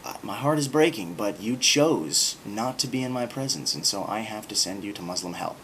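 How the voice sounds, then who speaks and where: A disappointed god hands down judgment in a soft, low, mock-sorrowful voice, as a man puts him on. The delivery is plain and conversational, with a faint hum under it. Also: expressive, moderate pace, poor audio. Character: disappointed male deity passing judgment.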